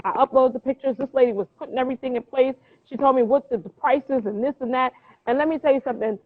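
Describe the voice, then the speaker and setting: A woman from New Jersey, a clothing brand founder, tells her story in an animated, motivational way as an interview guest. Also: high-pitched, fast talker. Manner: lively, acts out quoted voices, motivational. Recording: tinny phone-line sound.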